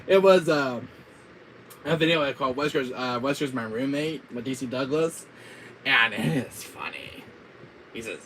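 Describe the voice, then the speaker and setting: A man casually chatting with his viewers on a gaming live stream, giggly and excitable. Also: mid-range voice, normal speed, pauses often, background noise.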